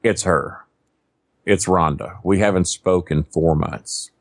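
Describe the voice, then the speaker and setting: A man's voice: low-pitched, steady tone, takes it slowly, no room sound. A man, telling crude, self-mocking stories as a podcast guest. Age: 50s. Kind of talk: casual storytelling. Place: not at a desk microphone.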